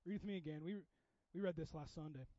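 High-voiced man preaching a sermon. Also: fast talker, dry recording, muffled recording. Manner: conversational, swinging from loud exhortation to hushed asides. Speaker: pastor.

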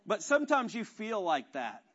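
A man's voice: sits high, wildly swooping pitch, moderate pace, fairly bright tone, dull audio, a little hiss or hum. A man preaching a conversational, self-deprecating sermon full of rhetorical questions. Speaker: pastor.

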